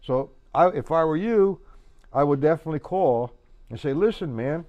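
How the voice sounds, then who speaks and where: Counting out beats as he plays, a man runs a live-streamed drum lesson in a casual, repetitive way, repeating words often. His voice is on the high side and expressive at normal speed, the highs are cut off, and the drum kit plays loudly in the background.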